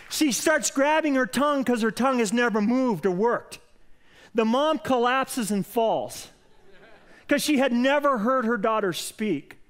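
A man preaching a sermon as a pastor, telling a story with lively, animated delivery that grows loud when he quotes a prayer. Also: very high-pitched, takes it slowly, long pauses, some chatter behind. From Colorado. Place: church sanctuary.

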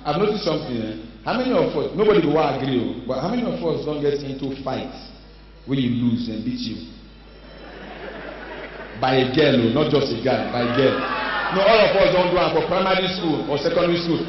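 A man with a Nigerian accent telling a stand-up story, animated and loud at times. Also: a little high, fairly quick, highs cut off. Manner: animated, loud comic shouting. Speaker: stand-up comedian. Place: large live venue. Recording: echoey live hall from far off.

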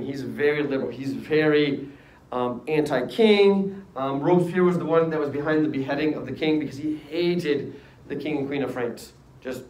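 A male history teacher telling a lively classroom story in casual slang, acting out voices. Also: a little high. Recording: echoey room, distant mic.

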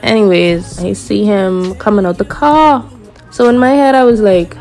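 A young woman from the Bahamas with a Bahamian accent, telling a story casually to her viewers in an animated way. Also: mid-range voice, moderate pace, soft background music. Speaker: vlogger.

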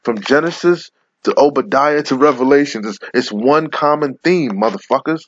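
A man's voice: mid-range voice, moderate pace, dry recording. A man giving an angry, profane rant in which he reads scripture aloud and lectures his listeners. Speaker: religious commentator. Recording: lo-fi muffled audio.

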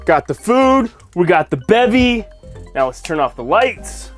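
A man's voice: high voice, big pitch swings, measured pace, fairly bright tone, soft background music. A man casually chatting to the camera in a van vlog in a playful, joking manner. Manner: playful, talks to his dog, sings goofily. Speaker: vlogger. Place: camper van in winter.

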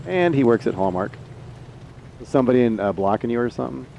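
Gravelly-voiced man streaming a tank game. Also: mid-range voice, quick pace, dull audio, slight background noise. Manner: chatty, excitable, talks to teammates and chat. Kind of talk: live gameplay commentary.

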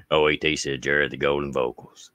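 Appalachian man, low pitch, bright forceful tone, folksy host reading mail, close dry mic. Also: no echo. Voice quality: smooth voice. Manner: folksy, warm-hearted, drawn-out thanks. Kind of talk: casual livestream chat.

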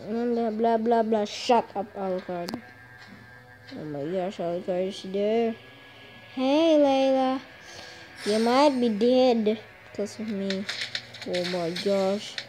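Slow-talking, frustrated woman gamer. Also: fairly high pitch, mellow, faint music behind. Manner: frustrated, swearing trash talk at the game. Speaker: gamer commentating her match. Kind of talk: gameplay commentary.

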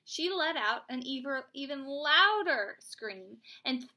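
A young woman who is a teacher reads a storybook aloud to her child at home, adding animated, chatty asides. Her voice is high-pitched and her pace slow.

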